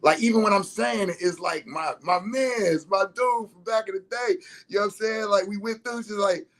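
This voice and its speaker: Guy rambling casually, kinda higher voice, slangy, laughs a lot. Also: moderate pace. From Detroit, USA. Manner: relaxed, laughing, slangy, many restarts. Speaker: vlogger. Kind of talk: casual storytelling monologue.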